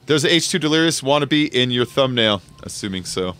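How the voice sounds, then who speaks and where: Bright, lively chatty man streaming games. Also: medium pitch, fairly quick, clean tone. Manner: chatty, laughs often, greets chat viewers. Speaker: livestream host. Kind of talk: casual gaming stream chat.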